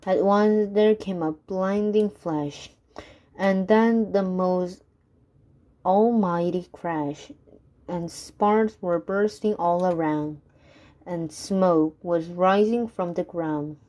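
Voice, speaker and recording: Woman narrator for a rhyming storybook, low voice, very slow and measured. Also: fairly even intonation, mellow. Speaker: reader. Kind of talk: reading a rhyming story aloud.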